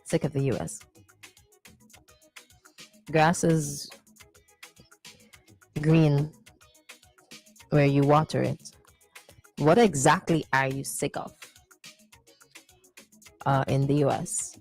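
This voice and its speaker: Low-voiced woman radio host. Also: fairly even intonation, slow pace, long pauses, a little mellow, soft background music. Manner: playful, teasing, talks back to messages. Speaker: radio morning show host. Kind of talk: casual radio chat reading listener messages. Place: radio studio.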